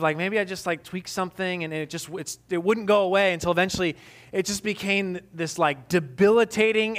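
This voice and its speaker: A man's voice: on the high side, a bit bright. A man in his thirties, a pastor giving a casual, conversational sermon with self-deprecating stories and lots of fillers.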